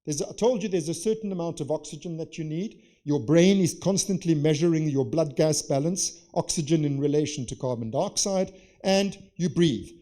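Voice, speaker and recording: Male conference lecturer, slightly high and mellow voice, animated, asks the room rhetorical questions. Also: normal speed, few pauses. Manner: lively, poses rhetorical questions and acts out scenarios. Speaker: conference speaker. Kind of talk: academic lecture. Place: conference session.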